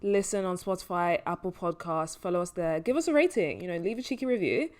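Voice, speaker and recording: A woman's voice: fairly low pitch, expressive, fast talker, darkish tone. A woman co-hosting a casual movie review podcast, easygoing and hedging, with lots of fillers. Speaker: podcast co-host.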